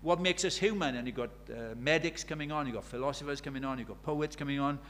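A man's voice: mid-range voice, fast, fairly bright tone. A man preaching a sermon, emphatic and storytelling, firing rhetorical questions at the congregation.

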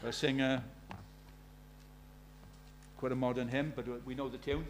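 A man preaching a sermon, pleading with his listeners in a voice that rises to urgent calls and sinks to hushed storytelling. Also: medium pitch, fairly even intonation, measured pace, slight background noise.

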